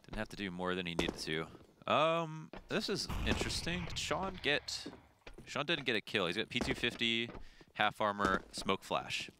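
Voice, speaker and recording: Low-voiced male caster with dry quips. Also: very animated, normal speed. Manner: dry quips, rising for action calls. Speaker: esports caster. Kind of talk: esports play-by-play commentary. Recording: noisy broadcast feed.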